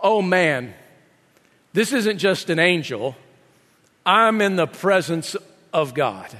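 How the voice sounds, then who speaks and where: A preacher voicing Gideon as a humble young farmer, doubtful and self-mocking, in a reverberant hall. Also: male voice, high-pitched, sing-song, sharp tone, exaggerated voice. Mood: awestruck. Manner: incredulous, self-mocking, quick asides.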